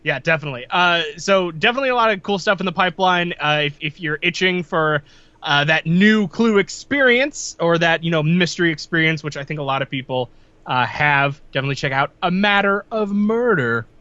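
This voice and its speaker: A man's voice: on the high side, animated, a little fast, sharp tone, no echo, lo-fi sound. A man co-hosting a casual gaming podcast, playful and joking. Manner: playful, slips into old-timey put-on voices. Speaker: podcast co-host.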